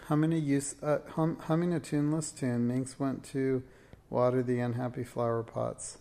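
Gravelly-voiced man reading a storybook. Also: mid-range voice, little pitch movement, moderate pace, dark tone. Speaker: reader. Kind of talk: storybook read-aloud narration.

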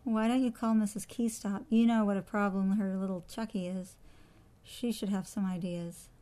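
A woman's voice: medium pitch, fairly even intonation, normal speed, mellow, natural voice. A woman reading a storybook aloud, voicing a kindly neighbor lady who speaks in a polite, sympathetic way.

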